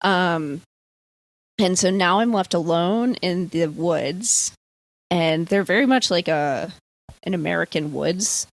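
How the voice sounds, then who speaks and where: A young East Coast woman, a podcast guest, tells a dream story in casual chat, rambling, filler-heavy with lots of "like," and swearing freely. She speaks slowly in a lowish voice, and the recording is dry.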